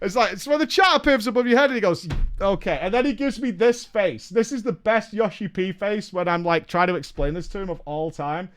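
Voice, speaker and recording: A man hosting a casual stream chat, telling an animated story with laughs and casual swearing. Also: high-pitched, fairly quick. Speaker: streamer host.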